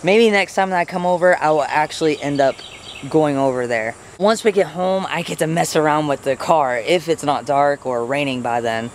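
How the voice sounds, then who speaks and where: A man's voice: normal speed, a little hiss or hum. Rambling young man vlogging outdoors. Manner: rambling and earnest, voice jumps high when talking to pets. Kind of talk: casual vlog talk. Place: outdoors by a house and garden.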